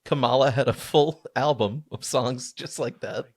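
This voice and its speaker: A podcast co-host gives a dry, wry explanation, with a mid-pitched, everyday voice. Casual chat between friends. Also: male voice, moderate pace, husky.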